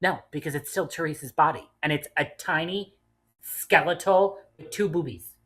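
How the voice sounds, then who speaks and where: A woman's voice: low-pitched, moderate pace, breathy edge. A woman co-hosting a casual podcast chat, swearing freely and hamming up mock outrage for laughs. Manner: profane, dramatic outrage played for laughs. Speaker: podcast co-host.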